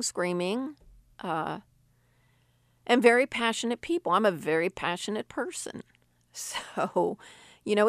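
A woman's voice: mid-range voice, dry recording, clean studio sound. A woman who grew up in Sicily, giving an earnest devotional talk and reading scripture aloud. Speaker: Christian speaker. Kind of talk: devotional teaching.

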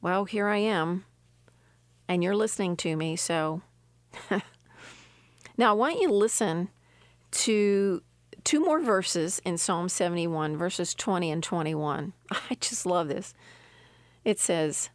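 A woman's voice: fairly low pitch, slow pace, pauses often, dry recording, clean studio sound. An older woman with an earnest, emphatic manner, reading scripture and giving a personal devotional testimony. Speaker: devotional speaker.

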